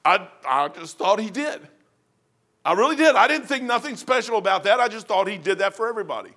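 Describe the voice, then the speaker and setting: High bright-voiced preacher man. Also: fairly quick. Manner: animated storytelling with sudden loud outbursts. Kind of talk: testimony sermon.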